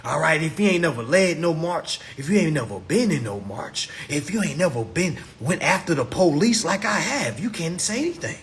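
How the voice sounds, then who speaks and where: A man on a live phone stream giving an impassioned monologue, swinging from loud exclamations to low muttering and repeating "all right?" constantly. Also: big pitch swings, moderate pace, hardly any pauses. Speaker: livestream host.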